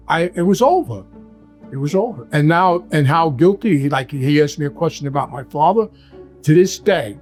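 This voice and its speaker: A man with a New York accent telling stories in casual, rambling talk and acting out the dialogue. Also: on the high side. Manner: rambling, acts out quoted dialogue. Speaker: guest telling his life story. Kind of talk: casual storytelling.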